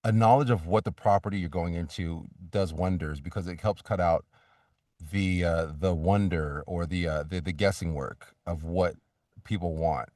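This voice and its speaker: A voice actor talking casually as a guest in an interview, rambling with many restarts and fillers. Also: male voice, sits low, moderate pace, darkish tone, no room sound, clean studio sound, recorded from a distance.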